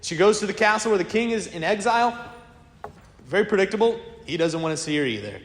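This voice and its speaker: A man preaching a sermon as a priest, telling stories in a lively, conversational way. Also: high-pitched, quick pace, a little hiss or hum. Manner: lively storytelling, acts out quoted voices; casual, conversational preaching to a congregation. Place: church. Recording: echoey church with long reverb.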